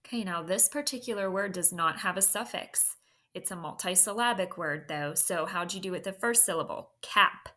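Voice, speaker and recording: Woman teacher, slow spelling dictation, low voice, bright tone.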